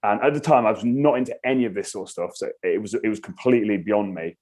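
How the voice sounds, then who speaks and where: A man, a podcast guest telling a story in casual chat, animated and swearing freely. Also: on the low side, quick pace. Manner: animated, swears freely, acts out his own reactions.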